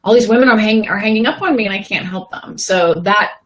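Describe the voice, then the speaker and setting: A woman's voice: mid-range voice, fast, rough recording. A woman coaching other women, chatting in an interview and acting out the voices in her story. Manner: animated storytelling, acts out quotes. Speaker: guest, business coach. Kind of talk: casual interview chat.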